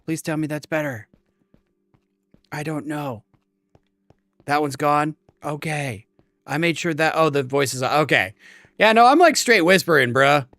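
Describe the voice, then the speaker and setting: Chatty male game streamer, slightly high voice. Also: measured pace, long pauses, a bit bright, no room sound, clean studio sound. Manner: chatty, rambling, talks to chat. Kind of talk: casual live-stream chat.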